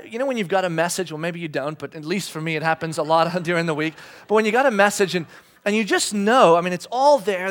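A man's voice: high voice, fairly bright tone. A man in his thirties, a pastor, telling a chatty, self-deprecating family story in a sermon. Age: 30s.

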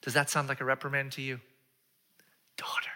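A man delivers a sermon in a very bright, ringing voice, swinging between lively storytelling and hushed, whispered quotes. His delivery is animated, with playful, joking asides to the congregation. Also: medium pitch, racing. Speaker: pastor.

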